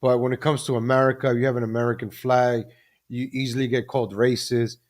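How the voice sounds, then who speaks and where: A man's voice: medium pitch, level tone, a little fast. A man hosting a live stream, ranting about the news and repeatedly addressing the audience. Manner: ranting, repeats ladies and gentlemen. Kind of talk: casual commentary live stream.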